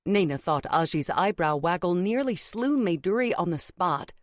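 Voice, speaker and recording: A woman delivers scripted audiobook narration with a fairly low pitch and a measured, even manner. The recording is dry and studio-clean.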